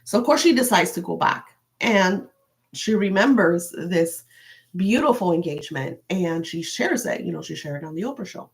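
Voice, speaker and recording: A middle-aged woman talks loosely and warmly on a live stream from her home, with a slightly low voice. She rambles from thought to thought and leans on fillers as she chats. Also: lively intonation, normal speed. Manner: rambling, chatty, heavy on fillers. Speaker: host of a spiritual live stream. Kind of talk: casual live-stream chat.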